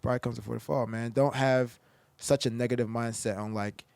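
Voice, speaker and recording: A man's voice: medium pitch, steady tone, normal speed, vocal fry, darkish tone, clear, resonant tone, no room sound. Earnest man co-hosting a podcast. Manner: earnest, preachy in places. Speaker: podcast co-host. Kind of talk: casual chat.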